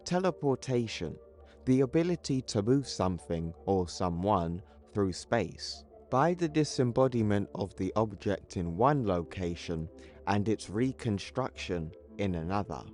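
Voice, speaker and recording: An earnest young genius lays out his theory, as a man voices him. The delivery is low and very slow, careful and explanatory. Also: lively intonation, a little mellow, faint music behind. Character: earnest boy genius presenting science.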